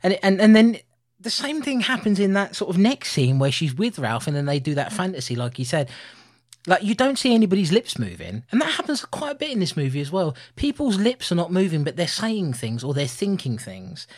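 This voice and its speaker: A man in his thirties co-hosting a casual film review podcast, animated and laughing often. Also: sits high, a little fast. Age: 30s. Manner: animated, laughing, puts on voices for quotes. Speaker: podcast co-host.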